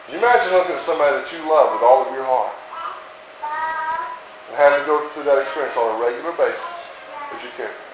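A man's voice: medium pitch, fast talker, long pauses. A man preaching a sermon in an earnest, emphatic way, often repeating his key phrases. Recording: echoey room with faint noise.

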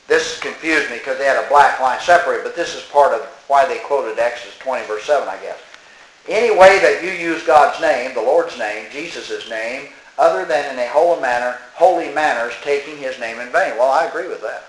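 Emphatic preacher reading and scolding, echoey room. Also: male voice, fairly high pitch, animated, moderate pace, fairly bright tone. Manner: emphatic, scolding, talks back to the text. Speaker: preacher commenting on a religious tract. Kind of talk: reading aloud with running commentary.

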